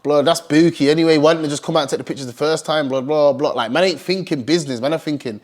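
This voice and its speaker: A young streetwear brand founder from Birmingham, England tells a story in heavy street slang, talking fast in a fairly high voice. He retells it animatedly, often acting out the people involved with quoted lines.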